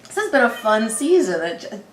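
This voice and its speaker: Woman, reaction chat, high voice, very lively pitch, echoey room. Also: brisk, slight background noise. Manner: expressive, giggly, acts out quotes. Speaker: reaction channel co-host.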